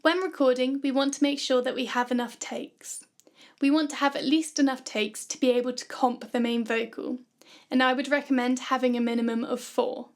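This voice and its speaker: A woman narrating a scripted music production tutorial in a calm, clear, instructive way. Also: high-pitched, normal speed.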